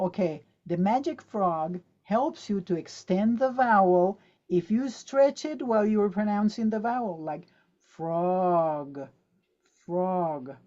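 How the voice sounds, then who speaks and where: Lively woman teaching pronunciation, lo-fi call. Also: medium pitch. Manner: lively, demonstrative, drills words aloud and quizzes the audience. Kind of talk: online teaching talk. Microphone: video call.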